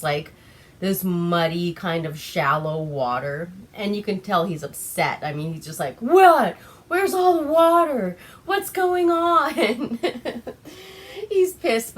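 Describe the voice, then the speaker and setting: A young woman from Alaska casually recapping a movie, tipsy on wine, giggling often and swearing freely. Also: fairly low pitch. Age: young adult. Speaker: vlogger.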